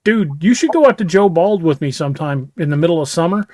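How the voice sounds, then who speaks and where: A man's voice: fairly high pitch, lively intonation, quick pace, a little mellow, no room sound. A man co-hosting a podcast, telling stories in a folksy way and often restarting his words. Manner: folksy storyteller, stammers on restarts. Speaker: podcast co-host. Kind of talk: casual chat.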